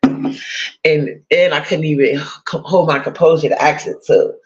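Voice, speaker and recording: A woman's voice: sits low, steady tone, measured pace, highs cut off, noisy background. Blunt, gossipy New woman vlogging. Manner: blunt, profane, gossipy, laughing asides. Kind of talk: casual gossip chat to viewers.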